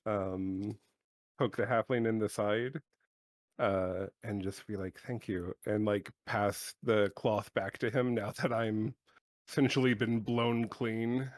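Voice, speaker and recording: A man's voice: fairly low pitch, fairly even intonation, takes it slowly, dry recording. A man playing a tabletop game, describing his action hesitantly. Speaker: player.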